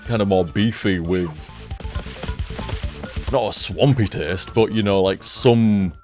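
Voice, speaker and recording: A chatty man with a lowish voice rambles and swears as he plays a game. Faint game music sits in the background. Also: slow, darkish tone. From United Kingdom. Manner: chatty and sweary, laughs at his own jokes. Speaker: gaming streamer. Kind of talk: casual chat while playing.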